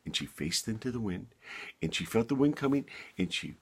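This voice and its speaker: A man tells a bedtime story in a low, gravelly voice with a husky edge. His delivery is animated and sing-song, rising and falling widely as he narrates. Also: fairly quick.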